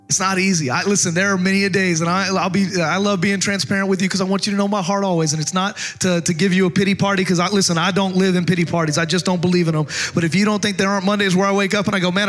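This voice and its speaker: A man's voice: sits high, a bit bright. A middle-aged man preaching as a pastor, passionate and conversational, often restarting his phrases. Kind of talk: sermon.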